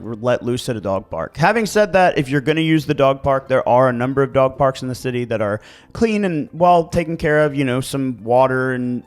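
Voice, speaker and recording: A man with a Baltimore accent co-hosting a casual podcast chat, animated and quick to act out voices. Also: medium pitch. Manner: animated, acts out dog voices. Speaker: podcast co-host.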